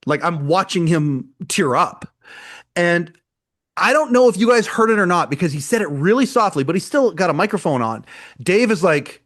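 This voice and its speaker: A man's voice: high voice, moderate pace. Rambling man retelling a show. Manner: rambling, repeats words, animated retelling. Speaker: podcast co-host. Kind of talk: casual chat, retelling a live show.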